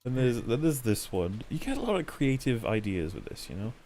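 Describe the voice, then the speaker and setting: A man co-hosting a podcast in casual banter, retelling scenes with animated mock quotes. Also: mid-range voice, a little fast. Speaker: podcast co-host.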